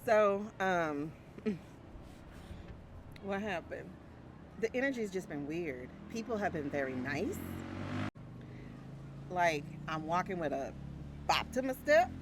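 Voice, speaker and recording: A woman, chatting casually to her viewers outdoors with a phone mic, laughing often. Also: medium pitch. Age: 40s. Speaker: brand coach. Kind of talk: casual vlog chat. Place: outdoors by a street. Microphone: small mic plugged into a phone. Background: faint traffic.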